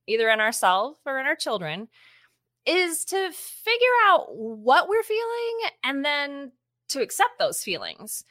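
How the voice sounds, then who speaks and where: Expressive woman cohost, bouncy pitch, bright voice, dry close sound. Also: dry recording. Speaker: podcast co-host. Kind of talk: casual conversational podcast talk.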